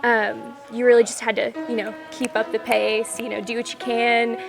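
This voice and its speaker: Gravelly, flat-toned woman recalling choir work. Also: fairly high pitch, moderate pace, music in the background. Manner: earnest, with many fillers. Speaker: former choir member. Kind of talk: documentary interview.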